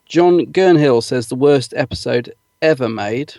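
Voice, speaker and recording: A man co-hosting a podcast, reading listener comments aloud in a loose, chatty way, full of ums and small laughs. His voice sits at an ordinary pitch. The recording is dry and close, with no room sound. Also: measured pace, mellow, no room sound. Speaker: podcast co-host.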